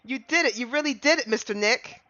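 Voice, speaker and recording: Guy doing a squeaky sweet little girl from a game, bright and bouncy, kinda dull lo-fi audio. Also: a little fast, heavily acted. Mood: earnest.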